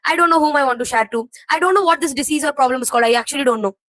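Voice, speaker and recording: In rapid-fire speech, a young woman with a high, slightly bright voice vents to her viewers about her jumbled thoughts, rambling in confusion and frustration under emotional weight. There's no room sound, and the audio quality is poor.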